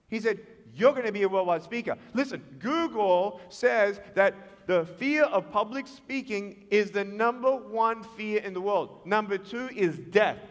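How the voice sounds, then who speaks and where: Lively guy preaching to students, high voice, big reverby hall. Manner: animated, acts out voices in his stories. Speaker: motivational speaker. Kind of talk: storytelling speech to students. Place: large school hall.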